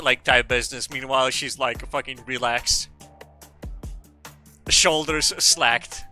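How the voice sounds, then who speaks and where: A man's voice: mid-range voice, steady tone, slow, pauses often, pushed and bright, soft background music. A man streaming a game, dubbing its lines and riffing in crude jokes with occasional silly voices. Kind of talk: casual gaming commentary, dubbing game lines.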